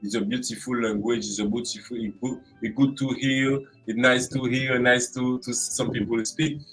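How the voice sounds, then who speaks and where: A man's voice: medium pitch, steady tone, normal speed, fairly bright tone, husky, soft background music, rough recording. A man from Guadeloupe with a Guadeloupean French accent, chatting in an interview and acting out expressions with playful voices. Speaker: creative arts specialist guest. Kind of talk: casual interview chat.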